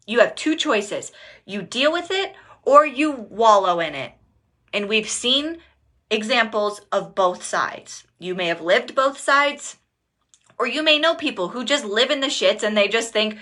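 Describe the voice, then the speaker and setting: A woman spiritual teacher talks casually to a live audience. She swears and laughs freely. Her voice is bright and forceful. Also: medium pitch, moderate pace. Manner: chatty, swears, laughs often. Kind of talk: casual livestream talk.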